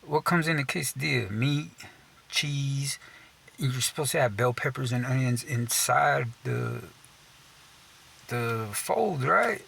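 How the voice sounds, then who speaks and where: A man's voice: medium pitch, animated, takes it slowly, gravelly, fairly bright tone, slight background noise. A young man from Texas telling a casual, profane rant, swearing constantly, saying "dude" a lot and laughing at himself mid-sentence. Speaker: storyteller.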